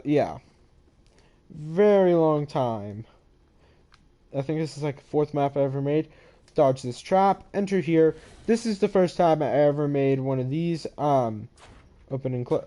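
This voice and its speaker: On a headset microphone, a young gaming channel host with a highish, mellow voice casually guides listeners through his own game maps. He's drowsy and rambling, yawning often and apologizing for it.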